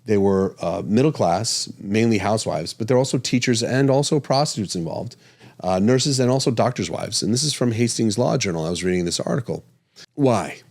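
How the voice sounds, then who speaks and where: A man talks on his podcast in a casual, animated way. His voice sits on the lower side, and he chuckles and stumbles into self-corrections as he thinks aloud. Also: brisk, gravelly. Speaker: podcast host and physician.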